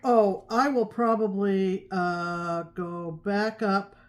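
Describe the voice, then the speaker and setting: A woman's voice: mid-range voice, fairly even intonation, takes it slowly. Rambling woman co-hosting a chatty podcast. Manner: rambling, with many ums and restarts. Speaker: podcast co-host. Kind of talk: casual chat about cross-stitch.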